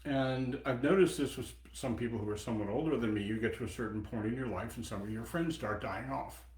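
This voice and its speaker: A man in his seventies giving a dharma talk as a Buddhist teacher, reflective, pausing and personal. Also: medium pitch, darkish tone. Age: 70s. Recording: echoey meeting room.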